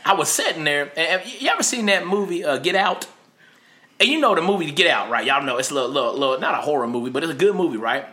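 A man, telling a story on a podcast he co-hosts, animated and often laughing. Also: a little high, fast talker. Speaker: podcast co-host. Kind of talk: casual storytelling chat.

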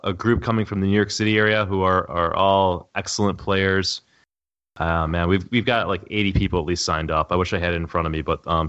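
A man's voice: low voice, pushed and bright, highs cut off. A man guesting on a podcast, explaining a tournament with hesitant fillers. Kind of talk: casual interview.

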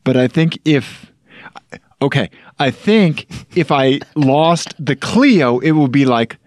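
A man's voice: medium pitch, expressive, slow, a little mellow, dry recording. A man co-hosting a podcast in casual chat, rambling and playful, often hesitating as he talks. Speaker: podcast co-host.

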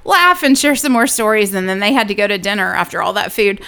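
A young adult woman co-hosting a casual chat, telling an animated story and acting out what people said. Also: medium pitch, fast talker, crowd noise. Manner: animated storyteller, acts out quotes, laughs often. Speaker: podcast co-host.

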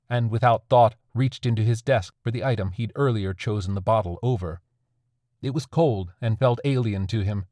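A man narrating a dark horror story in a steady, measured way. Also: lowish voice, no room sound, clean studio sound.

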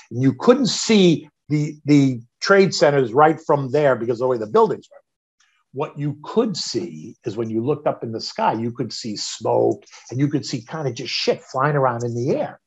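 A middle-aged man, a podcast guest, telling a personal story in an animated way, swearing freely and getting loud when reliving moments of panic. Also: medium pitch, slightly rough, lo-fi sound.

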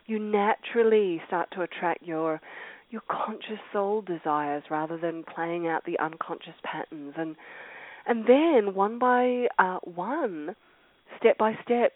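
A woman coach leading a call, talking in a heartfelt, reflective way with many restarts and an occasional cleared throat. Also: mid-range voice, no room sound, narrow, tinny audio. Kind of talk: earnest motivational talk.

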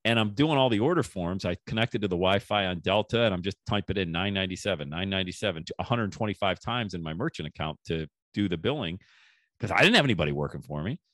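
A man hosting a podcast and telling a story in a casual, animated way, acting out the people he quotes. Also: low voice, fast talker, dry recording, studio quality. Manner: animated, acts out quoted voices. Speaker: podcast host.

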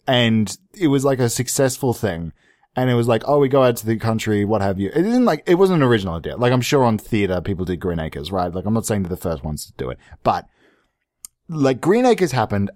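A man hosting a podcast, ranting sarcastically in a profane, rambling comedic monologue, jumping into high mock-outraged bursts. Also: darkish tone, no echo, clean studio sound. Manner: sarcastic, profane, tangent-prone. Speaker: podcast host.

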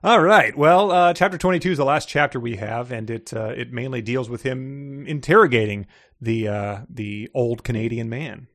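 A man co-hosting a casual book podcast, animated and jokey, sometimes rising to mock outrage. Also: mid-range voice, normal speed, dry recording, clean studio sound. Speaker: podcast co-host.

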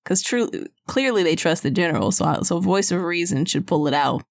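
A woman's voice: fairly low pitch, expressive, brisk, creaky. Hesitant woman tabletop player. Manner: hesitant, many fillers and restarts. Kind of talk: casual tabletop play.

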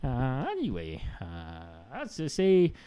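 A man's voice: medium pitch, wildly swooping pitch, takes it slowly, warm tone, clean tone, dry recording. A man with an Irish accent hosting a rambling solo podcast, full of "uh" fillers and self-mocking asides. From Ireland. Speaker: podcast host.

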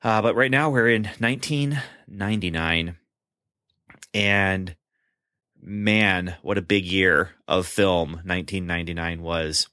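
A man's voice: low voice, steady tone, takes it slowly, pushed and bright, no room sound. Male podcast host, dry close mic, chatty, laughs, loose fillers. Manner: chatty, laughs often, many fillers and restarts. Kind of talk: casual chat.

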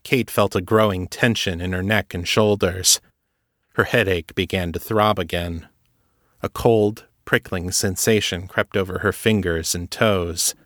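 A man narrating a serialized fiction story in a steady, even manner. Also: low-pitched, unhurried, no room sound, studio quality. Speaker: audiobook narrator.

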